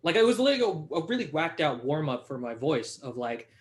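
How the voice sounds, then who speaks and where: A young man chatting as a podcast guest, animated and laughing, acting out quotes as he tells stories. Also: a little high, a little fast. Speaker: podcast guest, hip hop artist. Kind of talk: casual conversation.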